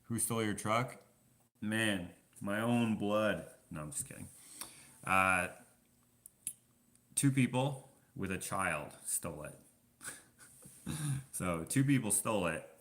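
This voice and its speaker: A man rambling through a casual live-stream chat with viewers, self-deprecating and quick to laugh. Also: low voice, expressive, a bit bright. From Canada. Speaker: vlogger answering live chat.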